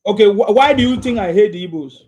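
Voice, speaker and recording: Combative high-voiced Nigerian man hosting. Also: expressive, fast, darkish tone. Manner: combative, repeats himself. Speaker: host. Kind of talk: heated live call-in chat.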